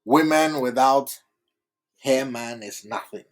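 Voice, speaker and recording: A man teaching at a writing board, slow and deliberate, repeating phrases word by word. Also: mid-range voice, fairly even intonation, rough recording. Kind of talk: whiteboard lecture.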